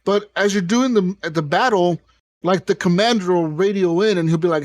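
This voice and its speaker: A man's voice: high voice, moderate pace, no room sound. A man hosting a podcast, describing a video game in a rambling, profane casual chat. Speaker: podcast host.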